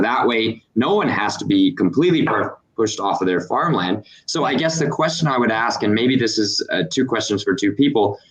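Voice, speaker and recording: A man moderating a panel discussion, asking measured questions with some hesitation. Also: on the low side, low-quality recording.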